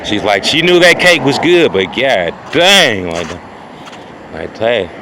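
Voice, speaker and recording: A man telling a rambling, boastful comic story, often turning to his listeners with "ladies and gentlemen.". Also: medium pitch, big pitch swings, unhurried, background noise. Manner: rambling, boastful, repeats "ladies and gentlemen" and "you know what I'm saying". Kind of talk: improvised comic storytelling monologue.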